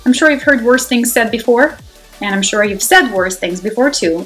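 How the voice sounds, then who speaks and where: A fairly high-voiced woman talks through her own mobile game live, excitable and chatty, jumping from loud outbursts to low self-directed muttering. Faint music plays behind her. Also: normal speed, low-quality recording. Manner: excitable, swinging between loud exclamations and quiet muttering to herself. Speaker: mobile game player and channel host. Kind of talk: live gameplay commentary. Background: faint background music.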